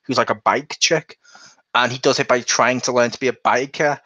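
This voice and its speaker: A man chatting casually on a podcast, telling lively stories and acting out other people's voices. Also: medium pitch, moderate pace, no room sound. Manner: animated storyteller who acts out quotes in different voices. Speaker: podcast co-host. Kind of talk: casual chat. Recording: dull, lo-fi sound.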